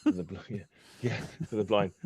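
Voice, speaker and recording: A man's voice: lowish voice, fairly even intonation, brisk, gravelly, warm tone, slightly rough, dry recording. A man co-hosting a casual live-stream chat on a video call, chatty, laughing often and full of fillers. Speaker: co-host. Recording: dry, slightly dull call audio.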